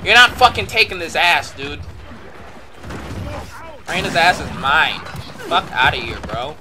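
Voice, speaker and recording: A high-voiced man talks over his own gameplay, his pitch jumping all over as he curses and yells in bursts. Clear game noise runs under his voice the whole time. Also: a little slow. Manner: excitable and profane, bursting into shouts. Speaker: gameplay commentator. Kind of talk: live gameplay commentary.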